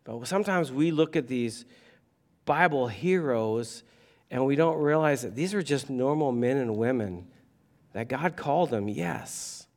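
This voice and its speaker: A man preaching a sermon, animated and conversational, with humor and asides to the congregation. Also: mid-range voice, unhurried. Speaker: pastor.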